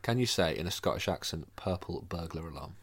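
A man's voice: deep voice, expressive, brisk. A man co-hosting a casual chat, joking and swearing freely. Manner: joking, swears freely, bursts into loud mock movie lines. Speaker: podcast co-host.

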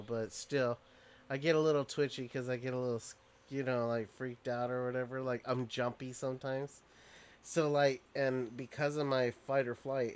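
A man's voice: medium pitch, a little hiss or hum. A young man co-hosting a podcast in loose, joking casual chat, swearing often. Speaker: podcast co-host.

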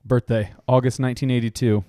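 He talks fast in a mellow, mid-range voice with a level tone, and there's slight background noise. As a podcast co-host in easygoing conversation, he laughs often and acts out voices while telling stories.

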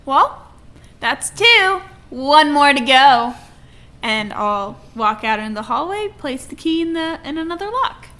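A woman's voice: high-pitched, sing-song, a little slow, bright, forceful tone. A woman playing a fairy character in a tabletop game, bubbly and playful. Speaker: player.

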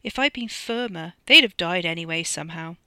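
A reader playing a nervous young man who stumbles and stops as he tries to speak. The voice is gravelly and bright, close and dry, as in a read-aloud novel. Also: medium pitch, no echo. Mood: shaken. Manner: hesitant and halting. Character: shaken young male driver, anxious and meek.

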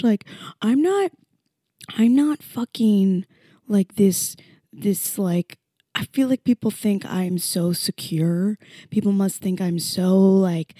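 A young woman vents on her solo podcast, raw and profane, her voice mellow and warm. She swings from hushed, half-whispered confessions to loud frustration, and mocks critics in a low voice. The sound is dry and close, with no room around it. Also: a little slow, no echo. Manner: mocking quotes in a low voice. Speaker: podcast host. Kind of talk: candid solo podcast rant.

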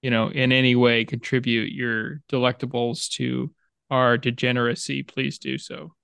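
A man with a gravelly but smooth voice co-hosts a casual podcast. He speaks in a flat, even tone, jokes about himself and moves the talk along. The sound is dry and close. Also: medium pitch, moderate pace, no room sound. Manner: joking, self-deprecating, steers the conversation. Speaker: podcast co-host. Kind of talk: casual chat.

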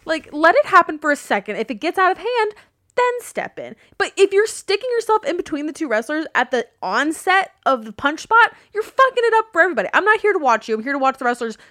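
A woman co-hosting a wrestling podcast, talking in a blunt, animated, casual way and swearing freely. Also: high voice, fast talker, dry recording, clean studio sound. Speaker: podcast co-host. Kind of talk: casual wrestling recap chat.

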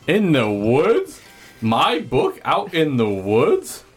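A man voicing a nervous, evasive middle-aged male cafe owner in a tabletop game, hoarse and stammering. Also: on the high side, wildly swooping pitch, takes it slowly, faint music behind, pitched above the performer's own voice, heavily acted. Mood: flustered. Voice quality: strained, hoarse put-on voice. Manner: hesitant, stammering.

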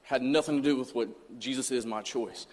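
A man with a brisk, slightly mellow, medium-pitched voice gives a short sermon in a church sanctuary, sharing a personal story in an earnest, conversational way and acting out what he once said. The recording carries the long reverb of a church hall.

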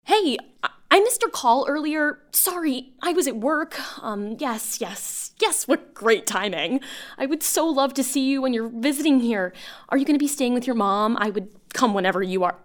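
An actress playing a lonely woman bartender who leaves long, halting voicemails for an old school friend, rambling and self-conscious. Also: high voice, animated. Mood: eager. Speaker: voice actor. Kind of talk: audio drama monologue.

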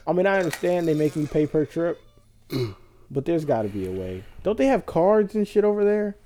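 A man's voice: a little high, lively intonation, moderate pace, warm tone. A man co-hosting a podcast in casual chat on a couch at home, easygoing and thinking aloud with many questions. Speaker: podcast co-host.

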